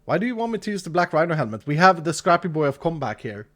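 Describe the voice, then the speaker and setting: Male streamer just chatting while he plays, bouncy voice, kinda high, reads chat and thanks people. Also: very animated, rapid-fire, fairly bright tone. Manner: chatty, reads chat aloud, thanks donors, laughs easily. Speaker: streamer playing and chatting with viewers. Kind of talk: casual live-stream chat.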